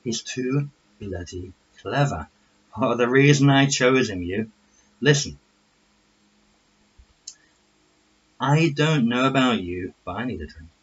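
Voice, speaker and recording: A man's voice: medium pitch, expressive, a little slow, breathy edge, muffled recording. A man voicing a stern female officer, a goddess-cat, who scolds like a teacher or a mother. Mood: wry.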